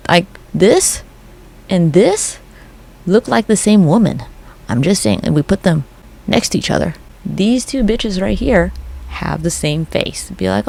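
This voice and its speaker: A vlogger ranting casually over photos, swearing freely and slipping into quick mock quotes, sounding a little bummed. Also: medium pitch, lively intonation, vocal fry, warm tone. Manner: profane, gossipy, acts out quick mock quotes. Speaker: conspiracy commentary vlogger.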